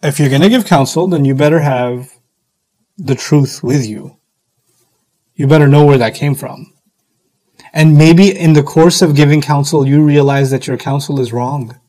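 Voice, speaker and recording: A middle-aged man giving a sermon-style lecture, animated, acting out quoted voices as he teaches. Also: on the high side, moderate pace, pauses often, rough recording. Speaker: Islamic speaker.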